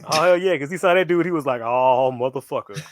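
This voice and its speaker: A man co-hosting a casual fan podcast, animated, swearing freely and acting out villains' lines. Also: a little high, quick pace, no echo, clean studio sound. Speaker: podcast co-host.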